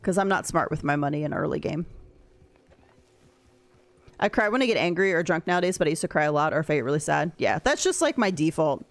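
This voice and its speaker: Woman game streamer, lowish voice, casual chatty delivery, frequent laughter. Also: expressive, quick pace, pauses often, no room sound. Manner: chatty, laughs often, reads and answers chat. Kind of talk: casual chat while gaming.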